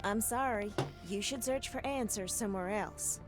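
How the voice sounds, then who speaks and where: A woman's voice: mid-range voice, moderate pace, natural voice. An actress voicing a polite townswoman passer-by in a video game, speaking formally, with game music behind her.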